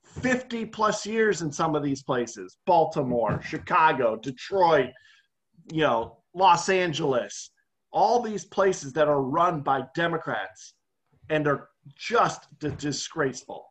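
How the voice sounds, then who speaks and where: A man's voice: fairly high pitch, lively intonation, slow. A man co-hosting a casual podcast, ranting heatedly with a sarcastic edge. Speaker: podcast co-host. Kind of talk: heated casual political chat.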